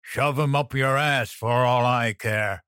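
A man's voice: mid-range voice, expressive, slow, fairly bright tone, dry recording, clean studio sound. A man voicing a brutal, threatening male crime boss who roars and growls. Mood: menacing.

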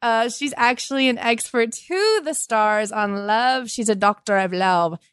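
A woman's voice: a little high, lively intonation, a little slow, a bit bright, smooth, dry recording, clean studio sound. A young woman hosting a comedy podcast, rambling earnestly and a little teary, with scattered, self-interrupting talk. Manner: scattered, earnest, breaks into off-key singing. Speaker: podcast host. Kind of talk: comedic improvised podcast bit.

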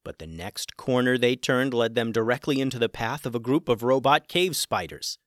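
A man narrating a scripted children's adventure story in an animated, dramatic way. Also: medium pitch, moderate pace, no echo, clean studio sound.

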